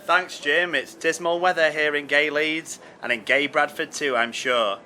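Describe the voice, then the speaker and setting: A man's voice: fairly high pitch, steady tone, a little slow, sharp tone, a little hiss or hum. A man from England presenting scripted sketch comedy in a mock-earnest commentator manner. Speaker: radio presenter.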